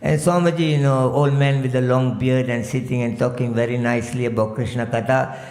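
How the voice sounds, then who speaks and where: A man's voice: medium pitch, flat delivery, fairly quick, darkish tone. A man from Malaysia giving a temple lecture as a swami, telling stories and sprinkling in "you know" and sung verses. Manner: frequent "you know" fillers, chants verses in a singsong. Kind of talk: storytelling sermon. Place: temple hall. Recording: echoey temple hall.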